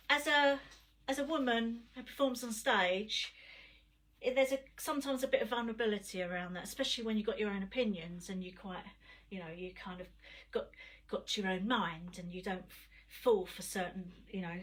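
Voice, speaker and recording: A woman's voice: medium pitch, fairly bright tone. A middle-aged woman, chatting between poems and reciting punchy rhyming verse on a live stream. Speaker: performance poet. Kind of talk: live-streamed poetry performance. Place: home, livestream.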